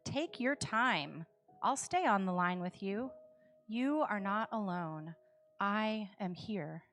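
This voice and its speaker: A woman giving voice to a gentle, caring woman who speaks softly and slowly to reassure others. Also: medium pitch, expressive, soft background music. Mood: soothing.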